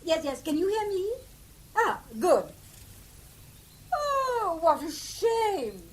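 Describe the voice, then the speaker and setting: A woman's voice: very high-pitched, big pitch swings, slow pace, heavily acted. An actress playing a flustered aristocratic English lady in a 1950s radio play, fluttery and exclamatory.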